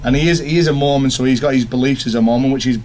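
A man's voice: mid-range voice, fairly even intonation, very fast, darkish tone, slight background noise, poor audio. A man with an Australian accent co-hosting a sports podcast, joking crudely and swearing freely. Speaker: podcast co-host. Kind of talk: casual chat.

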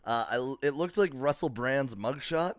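A man's voice: mid-range voice, normal speed, dry recording, studio quality. A man co-hosting a comedy podcast, telling rambling stories in casual chat and slipping into playful impressions. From Canada. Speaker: podcast co-host.

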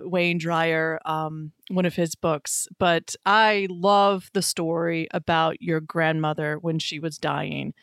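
A woman's voice: fairly low pitch, smooth, no echo, studio quality. A woman hosting an interview, earnest and enthusiastic, with frequent fillers and restarts. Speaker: podcast host.

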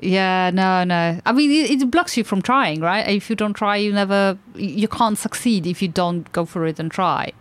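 A woman's voice: mid-range voice, moderate pace, few pauses. Encouraging woman hosting a podcast. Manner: warm, encouraging, gushing. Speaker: podcast host. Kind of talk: casual interview chat.

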